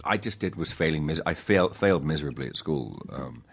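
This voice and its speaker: A man with a very deep, low voice, chatting as a podcast guest. He tells stories in a halting, self-interrupting way and often pokes fun at himself. He sounds middle-aged and easygoing. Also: animated, vocal fry, breathy edge. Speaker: guest actor.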